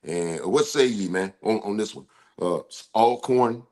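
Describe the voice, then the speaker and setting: An older man hosting a casual sports talk show, loud and joking, drawling his football banter. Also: lowish voice, measured pace. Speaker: host, former football coach.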